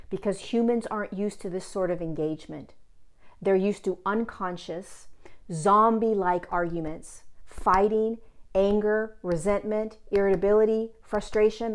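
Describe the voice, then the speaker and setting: A woman with a mid-range voice gives an earnest spiritual self-help talk on her own channel. She speaks in a gently instructive way and circles back to repeat her main points. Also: medium pitch.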